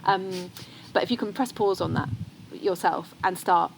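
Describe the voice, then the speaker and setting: A woman's voice: on the low side, moderate pace, gravelly, background noise. A woman, co-hosting a casual podcast chat with enthusiasm and acting out what her children say. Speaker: podcast co-host.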